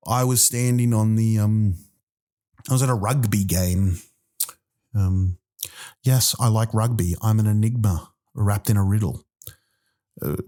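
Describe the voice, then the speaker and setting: A man's voice: lowish voice, darkish tone. A man, a comedian hosting a podcast, delivering a rambling comic monologue full of profane, exasperated rants.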